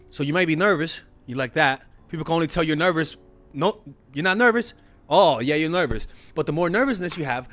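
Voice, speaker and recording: A man talking as a dating coach in a loose, conversational monologue, restarting phrases and checking in with tag questions. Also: a little high.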